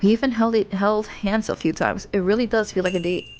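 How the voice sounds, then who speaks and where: A young woman reads a romance game aloud in a middle-pitched voice, breaking off to giggle and ramble. Bright game music plays steadily behind her. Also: steady tone, a little fast. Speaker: streamer. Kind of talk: reading a story game aloud with asides.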